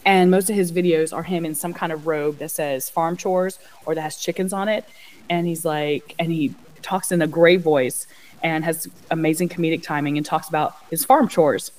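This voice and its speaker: Lower-pitched woman co-host, gushing, casual chat. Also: fairly even intonation, normal speed, darkish tone, poor audio. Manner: enthusiastic, gushing recommendations. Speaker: podcast co-host.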